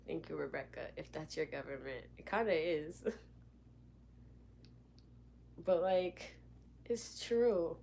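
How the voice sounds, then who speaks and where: A young woman telling a story in a casual, animated way, acting out what people said. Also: low-pitched, takes it slowly, gravelly, pauses often, slight background noise. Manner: animated, dramatic retelling with lots of "like". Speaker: vlogger.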